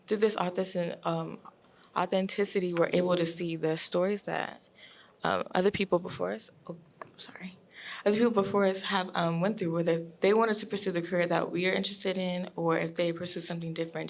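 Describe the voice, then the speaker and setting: A woman's voice: lowish voice, gravelly. A young woman student on a panel, answering hesitantly with fillers and restarts.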